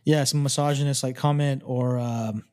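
A man's voice: mid-range voice, fairly even intonation, moderate pace, darkish tone. A young man co-hosting a podcast, chatting casually, swearing freely and saying "dude" a lot. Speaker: podcast co-host. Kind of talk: casual chat.

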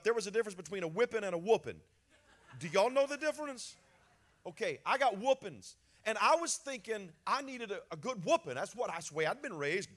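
A middle-aged male pastor preaching a sermon, swinging between soft, confiding talk and emotional outbursts. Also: sits high.

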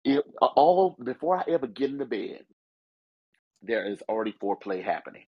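A middle-aged pastor chats on a podcast with a gravelly, slightly husky voice. His pitch swings widely as he jokes and repeats himself for effect. He sounds loose, animated and talkative. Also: normal speed, muffled recording. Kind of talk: casual podcast chat.

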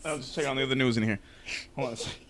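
A man's voice: medium pitch, rapid-fire, noisy background. A man co-hosting a podcast, chatting casually and joking with a lot of swearing and laughter while using a back massager. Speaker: podcast co-host. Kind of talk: casual chat.

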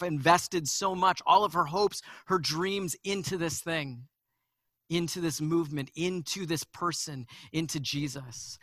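A man delivers a sermon in a bright, somewhat high voice. He swings between hushed, slow passages and loud, urgent bursts, often stumbling and repeating words. The sound is dry and close. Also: dry recording. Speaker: pastor.

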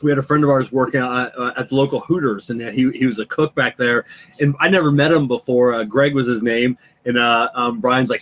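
A man hosting a cigar podcast, chatting casually and reacting with excitement. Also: mid-range voice. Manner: excitable, quick to laugh and exclaim. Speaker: podcast host. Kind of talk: casual chat.

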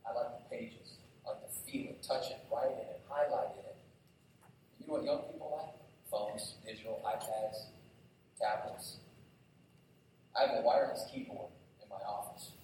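A middle-aged male pastor preaches in a church, spinning lively stories and poking fun at himself. His voice sits a little high and is picked up from some distance. The sanctuary echoes heavily around him, with a faint hum of noise underneath. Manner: lively storytelling, self-mocking humor. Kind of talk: sermon. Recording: very echoey hall, heard from afar.

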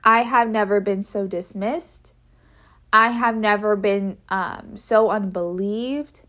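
A woman with a steady, fairly bright mid-range voice speaks slowly as she recounts a personal story. Her manner is frank and casual with fillers, and she drives her points home by saying key phrases again and again.

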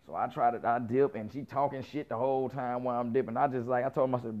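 Heard through a muffled lo-fi recording, this thirtysomething man fires off a story rapidly with few pauses in a medium-pitched voice. It's a casual, animated rant, profane and slangy, with plenty of acted-out quoted dialogue.

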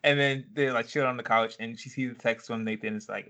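Bright-voiced man recapping an episode. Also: mid-range voice, steady tone, fast talker. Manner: laid-back, swears freely, lots of "like" and "you know". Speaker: podcast co-host. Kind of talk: casual chat recapping a TV episode.

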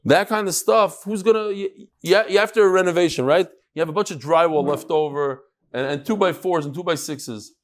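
A rabbi leads his Talmud class in an animated lecture, breaking off to tell stories. The man speaks in a somewhat high voice and talks straight to the students in front of him. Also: brisk, few pauses. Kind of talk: lively lecture with storytelling.

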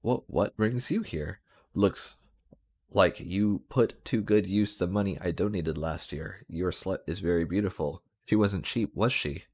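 A man's voice: sits low, a little slow, a little mellow, husky, heavily acted. A man voicing a fawning, nervous police commissioner in a comedic reading of a badly written story.

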